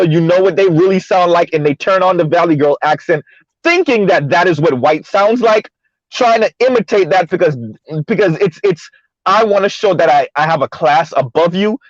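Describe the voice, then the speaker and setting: A man's voice: high voice, no room sound. A man speaking on an online panel discussion, making long emphatic points full of restarts, over slightly muffled call audio. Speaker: podcast panelist.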